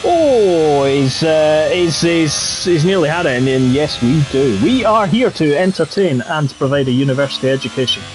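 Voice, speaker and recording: A man's voice: a little high, lively intonation, moderate pace, hardly any pauses, noisy background. A man giving live sim-racing commentary in a chatty, jokey way with playful quips. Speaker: race commentator.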